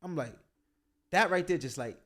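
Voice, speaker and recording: A young man, a boxer, telling stories in a casual interview, animated and slangy, full of "like" fillers. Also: on the high side, normal speed.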